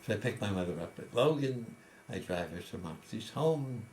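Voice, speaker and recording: A man's voice: fairly low pitch, lively intonation, moderate pace, darkish tone, slight background noise. A man in his eighties, interviewed, telling personal stories in a reflective, conversational way. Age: 80s. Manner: conversational, reflective, with frequent restarts. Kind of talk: casual storytelling.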